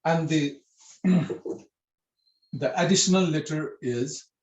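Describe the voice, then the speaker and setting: Slow, patient male script teacher. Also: on the high side, darkish tone, reverberant, rough recording. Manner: patient, repetitive explaining with many fillers. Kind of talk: online language lesson.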